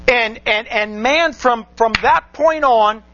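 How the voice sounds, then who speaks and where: Male preacher, very high voice, rhetorical and repetitive; dull lo-fi sermon recording. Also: takes it slowly, bright, forceful tone, slight background noise. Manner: rhetorical questions, repeats phrases for emphasis. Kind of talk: sermon with scripture reading.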